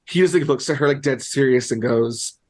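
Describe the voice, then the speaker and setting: A man's voice: medium pitch, a little fast, a little mellow. A young man co-hosting a podcast in casual chat, rambling, amused and full of "like". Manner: rambling, heavy use of "like", amused. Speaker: podcast co-host.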